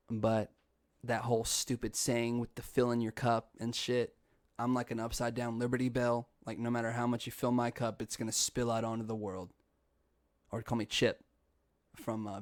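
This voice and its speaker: A man's voice: mid-range voice, no room sound, clean studio sound. A young man hosting a podcast, telling a story in a loose casual style, laughing often and dropping swear words. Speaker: podcast host.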